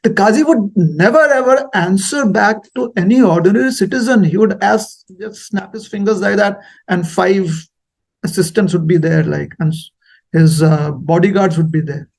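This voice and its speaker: A man giving a sermon, telling a story in a lively, animated way. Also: sits high, normal speed, creaky, slightly rough. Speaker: speaker at a temple talk.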